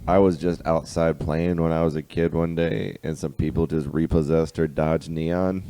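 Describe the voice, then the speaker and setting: A man's voice: very deep voice, flat delivery, moderate pace, mellow. A man co-hosting a comedy podcast, telling a childhood story in a laid-back, wry way. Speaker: podcast co-host. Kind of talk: casual podcast banter.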